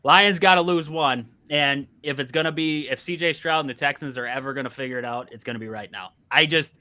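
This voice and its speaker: Bright-voiced man ranting about football. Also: fairly high pitch, a little fast. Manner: animated, exasperated ranting with laughs. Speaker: podcast co-host. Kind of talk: casual sports chat.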